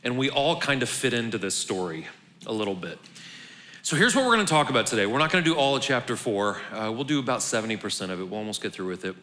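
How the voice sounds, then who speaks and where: Man, pastor, casual joking sermon, bright forceful voice, long reverb of a large church hall. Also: mid-range voice, expressive, fast talker. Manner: conversational, joking, restarts words.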